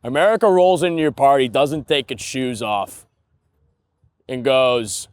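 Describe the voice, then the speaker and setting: A man's voice: mid-range voice, a little slow, clear, resonant tone, no echo. A young man hosting a podcast, rambling through a casual comedic monologue and laughing at his own stories. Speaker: podcast host.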